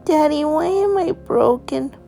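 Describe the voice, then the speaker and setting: A woman's voice: sits high, animated, a little slow, creaky, warm tone, soft background music, pitched above the performer's own voice, exaggerated voice. A woman voicing a tearful little girl with a broken arm, wailing and whining in a home-made storytelling. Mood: sad and sorry.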